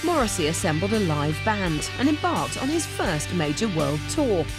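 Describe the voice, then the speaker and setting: A woman reading a scripted documentary narration in a measured, formal way. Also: lowish voice, sing-song, loud music behind the voice.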